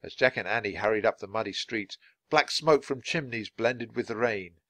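A man reading a children's storybook aloud in a clear, measured way for learners. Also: lowish voice, fairly bright tone, dry recording. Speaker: storybook reader. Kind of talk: children's book read-aloud.

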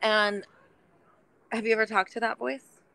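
A woman speaking in a gentle, nurturing tone during an intimate heart-to-heart conversation. She talks loosely, with plenty of "like" and "you know" fillers, and sounds protective and reassuring. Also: a little high, flat delivery, unhurried, gravelly, low-quality recording. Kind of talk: supportive heart-to-heart chat.

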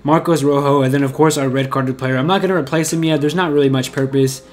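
A man's voice: medium pitch, fairly even intonation, fast. A young man recording casual gaming commentary, rambling and frustrated, putting himself down. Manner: frustrated, rambling, self-deprecating. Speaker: gaming YouTuber.

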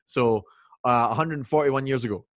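Scottish man, relaxed and jokey. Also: medium pitch, moderate pace, no room sound, clean studio sound. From Scotland. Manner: jokey, relaxed, many ums and restarts. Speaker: whisky brand ambassador guest. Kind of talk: casual interview over video chat. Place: home, indoors. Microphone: video call.

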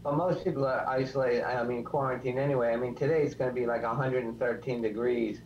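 A man's voice: medium pitch, fairly even intonation, fast, muffled recording, a little hiss or hum. A man chatting as a guest, mostly agreeing in short replies in a dry, easygoing way. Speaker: panel guest. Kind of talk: casual chat.

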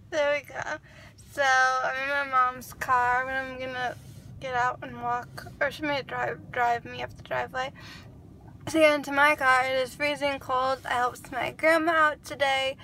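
High-voiced young woman rambling chattily. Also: steady tone, unhurried, long pauses, sharp tone, a little hiss or hum. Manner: rambling, chatty, filler-heavy. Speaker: vlogger. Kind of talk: casual vlog chat.

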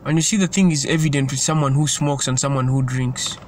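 A man's voice: medium pitch, steady tone, fairly quick, faint music behind. A man giving an informal sermon in an earnest, repetitive way, often stumbling and restarting his sentences. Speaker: preacher.

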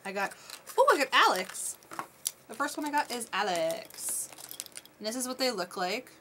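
A woman vlogging a toy unboxing in a casual, gushing, excitable chat at her desk. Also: fairly high pitch, normal speed, noisy background. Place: desk at home.

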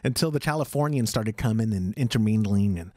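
A man's voice: on the low side, expressive, fairly quick, mellow, no room sound. A man co-hosting a casual podcast, joking and teasing with frequent laughs. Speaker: podcast co-host.

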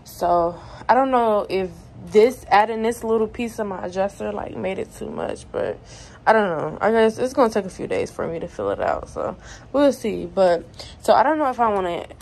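Moving between rooms at home, a young woman vlogs casually into her phone camera, which is sometimes propped farther away. Her mid-range voice is very animated, creaky and darkish, at a normal speed, and she rambles chattily with lots of "like" and "y'all." The recording is low quality, with slight background noise.

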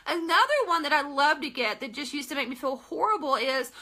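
A woman's voice: high-pitched, expressive, normal speed, sharp tone. A woman network marketing coach giving a chatty live-stream class, greeting viewers by name and making frank asides.

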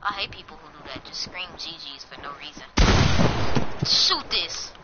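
A live streamer trash-talking her opponent during a game, with frequent gasps and shouts. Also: low voice, animated, normal speed. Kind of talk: gaming trash talk. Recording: dull lo-fi with loud noise.

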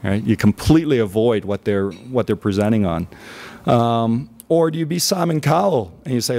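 A man giving a conference talk in a casual, conversational way, often checking in with the audience with "okay?" and pausing on "um". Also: medium pitch, animated, vocal fry, darkish tone. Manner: conversational, frequent "okay?" check-ins and "um" fillers. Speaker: conference speaker. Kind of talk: keynote talk. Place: conference stage.

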